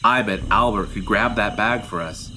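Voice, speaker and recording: A man's voice: fairly low pitch, normal speed, a little hiss or hum, natural voice, rough recording. A man playing an enthusiastic paleontologist who explains things to children like a teacher. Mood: explaining. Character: enthusiastic adult male paleontologist guide.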